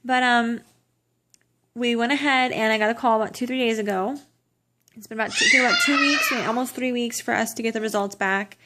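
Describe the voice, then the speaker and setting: A woman's voice: a little high, very animated, brisk, very noisy. A young woman giving a casual pregnancy update to her camera, rambling with restarts and self-corrections, sounding tired. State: tearful at times, exhausted. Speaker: vlogger.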